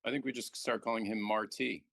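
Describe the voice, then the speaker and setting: A man commentating a live backgammon match, joking and relaxed as he banters with his co-host. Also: on the low side, a little fast, vocal fry, dry recording.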